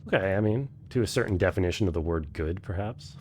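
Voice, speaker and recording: A man's voice: sits low, animated, fast talker, slight background noise. A man streaming a game for the first time, thinking aloud, swearing freely and chatting with his viewers. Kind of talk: casual live-stream commentary.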